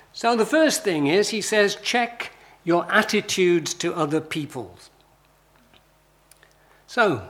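A man preaching a sermon in a conversational style, full of rhetorical questions and emphatic lists. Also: high-pitched.

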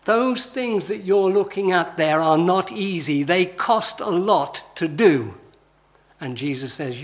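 A man's voice: fairly high pitch, lively intonation, slow. A man preaching a sermon in a conversational style, full of rhetorical questions and emphatic lists.

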